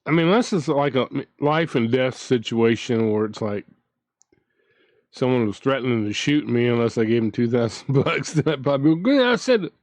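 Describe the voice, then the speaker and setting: A man's voice: mid-range voice, normal speed, a little mellow, no room sound. A man hosting his own channel, ranting in a casual, indignant way, with frequent restarts as he talks. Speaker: commentary channel host.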